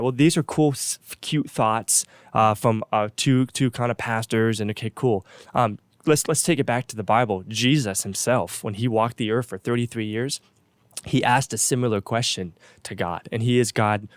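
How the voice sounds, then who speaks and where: A man's voice: lowish voice, no echo. A man who is a pastor and co-host, talking through a Bible story in an earnest, casual sermon-like way, often restarting and repeating words. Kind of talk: casual faith talk, sermon-like retelling.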